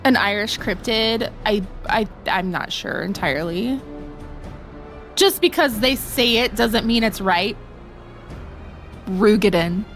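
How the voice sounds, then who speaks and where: A woman's voice: medium pitch, slow, long pauses, faint music behind. Playful woman streamer. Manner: playful, animated, laughs often. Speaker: game streamer. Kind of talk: casual live-stream chat.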